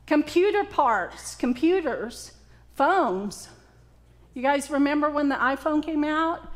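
Brief: Southern US woman preacher, high voice, bantering with her congregation. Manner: joking, interactive with congregation. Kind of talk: conversational sermon.

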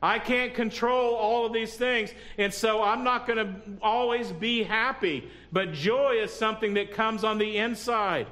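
A man's voice: high-pitched, unhurried, few pauses, a bit bright. A man preaching a sermon who often checks in with the congregation and adds humorous asides. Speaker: pastor.

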